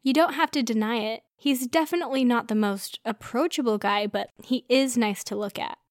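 An upbeat young woman coworker with a playful, teasing way of talking, as a woman reads her in a storybook. The voice is fairly high. The sound is close and dry. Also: moderate pace, no echo, lightly acted.

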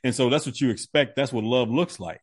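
A man's voice: mid-range voice, a little fast, no echo. A man co-hosting a podcast, explaining his points emphatically and filling his talk with "you know". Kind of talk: casual podcast chat.

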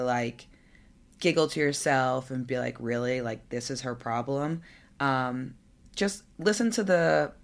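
A young adult woman hosting her own podcast, talking candidly and conversationally with fillers and asides. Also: a bass voice. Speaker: podcast host. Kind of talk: solo podcast monologue.

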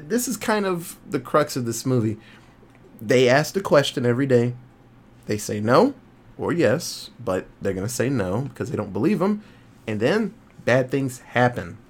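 A young man talks through a film's plot in a loose, casual podcast chat. He slips into little quoted voices for the characters and drops swear words as he goes. His voice sits at an ordinary middle pitch. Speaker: podcast co-host. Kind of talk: casual movie review chat.

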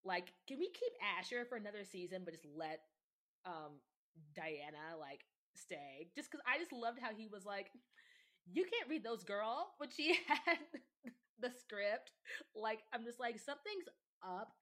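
A woman's voice: medium pitch, expressive, measured pace, bright, forceful tone. A woman chatting casually and animatedly on a podcast, laughing often and acting out other people's words. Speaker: podcast guest. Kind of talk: casual chat about reality TV.

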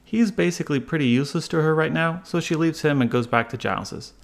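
Man, gravelly voice, wry scripted recap, jokey delivery. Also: on the high side, quick pace. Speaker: podcast contributor.

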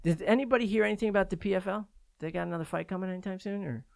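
A man's voice: high-pitched, very fast, gravelly, darkish tone, no room sound. A man hosting a podcast in casual chat, easygoing and asking his co-hosts questions. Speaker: podcast host.

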